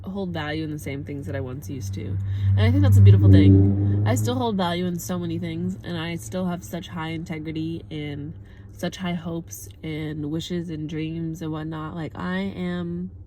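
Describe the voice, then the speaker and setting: A woman's voice: deep voice, normal speed, background noise. A woman in her twenties talking to camera in a candid girl-talk monologue, emphatic, with frequent swearing and "like" fillers. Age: 20s. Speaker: vlogger.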